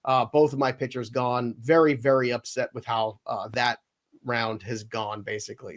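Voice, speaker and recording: Animated man hosting a sports podcast. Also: medium pitch, moderate pace. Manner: animated, mock-outraged when picks are taken. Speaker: podcast host running a mock draft. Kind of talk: casual sports podcast chat.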